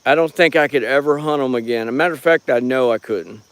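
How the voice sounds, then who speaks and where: A man's voice: medium pitch, quick pace, smooth, no room sound. Rambling, folksy middle-aged man. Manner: rambling and folksy, greeting viewers by name. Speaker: live-streaming paranormal watcher. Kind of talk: casual live stream chat. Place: outdoors on a rural property at night. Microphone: handheld phone.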